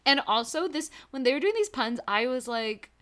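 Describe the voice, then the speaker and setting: A woman's voice: sits high, animated, normal speed, a bit bright. A young woman co-hosting a podcast, recapping a TV episode in casual chat, giggly and rambling with lots of fillers. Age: young adult. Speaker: podcast co-host.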